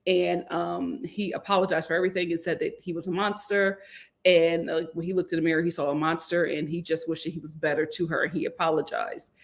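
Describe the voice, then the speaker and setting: A woman hosting her own channel, reviewing reality TV in a casual, slangy, expressive chat that jumps high for emphasis. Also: brisk, creaky. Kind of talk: casual vlog commentary.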